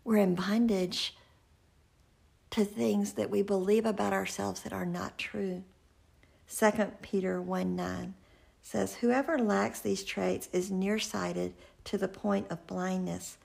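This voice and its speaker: An earnest woman teaches a devotional message. Her voice is gravelly and husky, and she often drops into a soft whisper for emphasis. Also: mid-range voice, fairly even intonation, slow. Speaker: Christian speaker.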